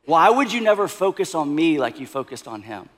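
A preacher acting out a sulking, resentful older son. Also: male voice, on the high side, big pitch swings, fairly quick, fairly bright tone, pitched below the performer's own voice. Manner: indignant, pleading complaints. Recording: long hall reverb.

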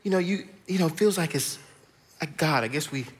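A man's voice: a little high, animated, a little fast, husky, pitched below the performer's own voice. A man voicing his grown sister, who talks in a hesitant, rambling way.

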